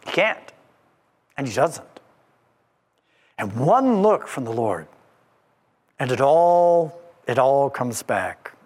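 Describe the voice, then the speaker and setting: A male preacher talks slowly and deliberately through a sermon, pressing each point with emphatic repetition. His high voice swoops up and down. It rings out with long reverb in a church sanctuary. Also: sing-song, darkish tone. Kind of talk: expository sermon.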